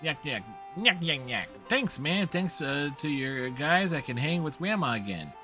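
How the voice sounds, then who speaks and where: A man's voice: on the high side, sing-song, measured pace, sharp tone, faint music behind, exaggerated voice. Man voicing a jokey skeleton clown. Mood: upbeat. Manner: jokey, sentimental. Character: cheerful skeleton man, former circus clown.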